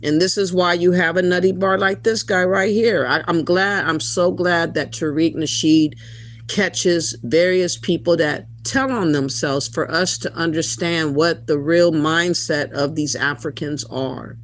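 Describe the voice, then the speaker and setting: A man's voice: on the high side, steady tone, a little slow, fairly bright tone. A man hosting a livestream, reacting to a clip and reading chat in an indignant, ranting way. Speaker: commentary host. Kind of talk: livestream commentary.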